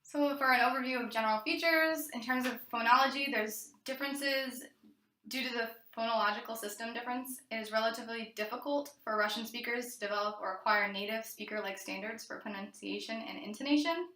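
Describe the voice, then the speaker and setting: Student presenter, woman, crisp bright tone, reads her notes with small stumbles, echoey room. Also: a little high, brisk. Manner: reads from notes, occasional fillers and restarts. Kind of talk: read-aloud class presentation.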